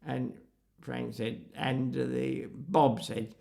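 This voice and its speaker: Gravelly older man telling stories. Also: mid-range voice, a little slow. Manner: animated storyteller acting out quotes. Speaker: interviewee. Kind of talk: reminiscing conversation.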